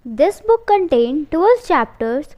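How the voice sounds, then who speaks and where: High-voiced woman reading a self-help book. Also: very animated, slow pace, highs cut off. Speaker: audiobook reader and channel host.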